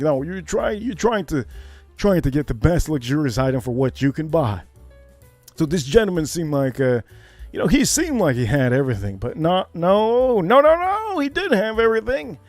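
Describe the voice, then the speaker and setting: A man's voice: fairly high pitch, dry recording. An American man hosting a livestream, telling a long casual story and repeating phrases for emphasis. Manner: animated, repeats phrases, shifts into loud exclamations. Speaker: livestream host.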